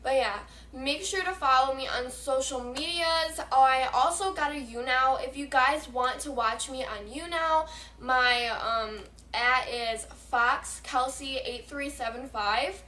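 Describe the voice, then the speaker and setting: A woman's voice: high voice, slow pace, roomy sound. A teenage girl vlogging a casual storytime, swearing a lot and rambling with plenty of fillers. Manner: profane, excitable, rambling with many fillers.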